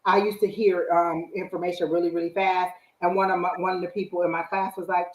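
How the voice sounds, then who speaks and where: Animated woman, low voice, echoey room. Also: a little fast, few pauses. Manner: animated, acts out her own inner voice and quotes. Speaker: psychic reader, live stream host. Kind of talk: casual spiritual advice talk.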